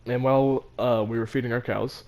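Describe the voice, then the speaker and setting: A man's voice: mid-range voice, fairly even intonation, brisk, a little mellow, highs cut off. A teenage boy telling a story about his school in a casual, rambling, self-mocking way, with many fillers and restarts. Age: teens. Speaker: vlogger.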